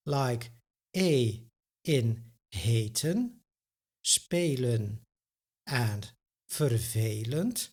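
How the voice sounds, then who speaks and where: A Dutch language teacher with a fairly high, husky voice leads a pronunciation lesson. He enunciates each example word carefully, then gives its translation.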